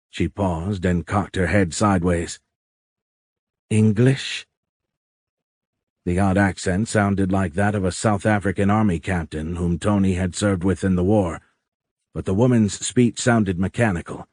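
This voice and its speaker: A man narrating an audiobook in a measured, even reading. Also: low voice, no room sound, clean studio sound.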